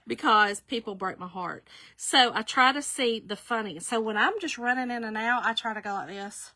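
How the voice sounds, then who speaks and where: A woman, chatting casually on a live stream, laughing often and greeting viewers by name in a warm, folksy way. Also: medium pitch, no room sound. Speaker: live-stream shirt maker.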